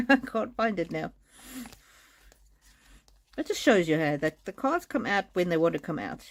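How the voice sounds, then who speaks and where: A woman giving a live-streamed oracle card reading in a gentle, reassuring way, often restarting her sentences. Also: on the low side, very animated, measured pace. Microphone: streaming mic.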